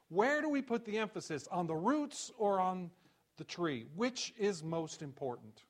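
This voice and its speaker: Man preaching with rising rhetorical questions. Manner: drops low and soft on key phrases. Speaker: pastor. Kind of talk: sermon.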